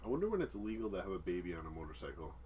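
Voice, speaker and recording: A man's voice: sits low, sing-song, rapid-fire, darkish tone, slight background noise. A man co-hosting a casual podcast chat, joking and laughing often, sometimes trailing off. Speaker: podcast co-host.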